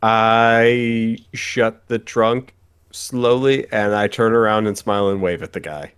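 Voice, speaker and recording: A man's voice: on the low side, steady tone, slow, a bit bright, clear, resonant tone. A man playing a tabletop game, talking in a loose, playful way with fillers. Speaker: player. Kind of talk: casual tabletop role-play.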